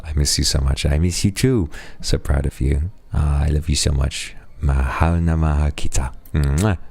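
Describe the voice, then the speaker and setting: A man's voice: a little mellow, no room sound. A man streaming live, casually thanking donors and chatting with affectionate, playful asides. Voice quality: very deep, gravelly voice. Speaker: streamer reading donations.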